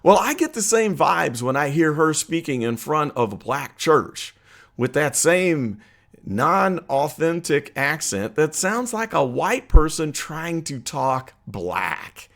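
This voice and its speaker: Lively conversational man vlogging his opinions. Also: on the high side, creaky. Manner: earnest, conversational, with frequent uh and um pauses. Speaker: political commentary host. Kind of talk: opinion vlog monologue.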